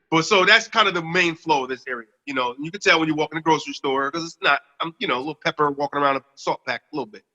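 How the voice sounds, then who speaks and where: A man's voice: fast talker, pushed and bright, big-room sound, lo-fi sound. A young man from the US Northeast, cohosting a podcast in casual chat, telling a story with plenty of laughs and swearing. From Northeast United States. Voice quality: baritone.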